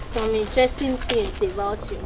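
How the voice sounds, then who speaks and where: A woman with a Nigerian accent interviewing someone, switching between English and Pidgin and gently coaxing her to relax. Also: medium pitch, moderate pace, noisy background. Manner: coaxing, encouraging.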